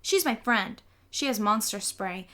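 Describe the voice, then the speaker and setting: A woman's voice: medium pitch, animated, measured pace, a bit bright. A woman voicing a chatty, cheeky little boy who eagerly tattles in a singsong way. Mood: chattering.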